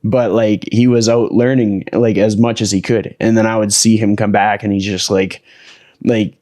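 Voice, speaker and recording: A man hosting a podcast in casual conversation, relaxed and loose, using many fillers. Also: lowish voice, normal speed, dry recording, clean studio sound. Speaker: podcast host.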